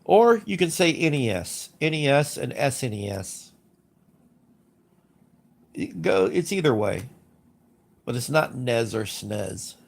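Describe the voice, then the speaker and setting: Stuffed-up guy with a gravelly voice rambling on a livestream, keeps repeating himself, super blunt. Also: mid-range voice, big pitch swings, slow pace, pauses often. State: congested sinuses. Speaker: livestream host. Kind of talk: casual livestream chat, reading chat.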